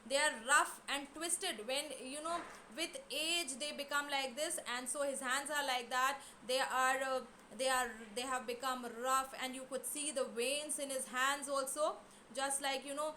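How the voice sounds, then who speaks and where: A middle-aged woman talks a class through a text, high and bright in tone. She pauses often with fillers and repeats phrases as she explains. Faint background noise sits under her voice. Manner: explains slowly with many fillers and repetitions. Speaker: English teacher.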